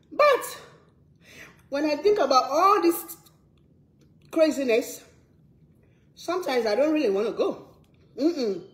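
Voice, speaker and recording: A woman's fairly high voice rings out in a reverberant space as she, a cooking vlogger from Sierra Leone, speaks casually to her viewers. Her accent is Sierra Leonean English. She comes across as earnest and emphatic, repeating her words for stress.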